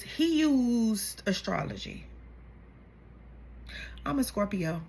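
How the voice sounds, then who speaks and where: A young woman chatting casually as she recaps a reality show, gossipy and animated, acting out the cast's lines. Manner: animated, gossipy, acts out quotes with big pitch jumps.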